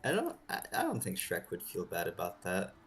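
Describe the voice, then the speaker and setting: A man's voice: sits low, huge pitch swings, a little fast, a bit bright, soft background music. A man, a game developer co-host, chatting casually with dry jokes. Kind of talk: casual chat while working.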